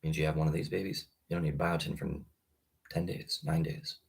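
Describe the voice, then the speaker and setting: A man in his thirties talking casually on a live stream, rambling with many halting restarts. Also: very deep voice, little pitch movement, vocal fry, husky. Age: 30s. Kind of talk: casual livestream talk.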